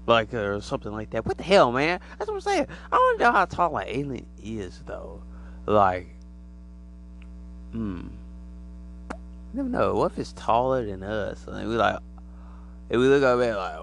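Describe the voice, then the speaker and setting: A man giving a rambling, animated conspiracy monologue to the camera, acting out imagined voices as he goes. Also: medium pitch, moderate pace, creaky, pauses often, slight background noise.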